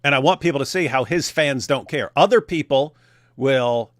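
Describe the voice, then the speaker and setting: A man's voice: mid-range voice, normal speed, no room sound, clean studio sound. A man hosting a casual live stream, reading viewer comments aloud, laughing often and restarting his sentences. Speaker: host.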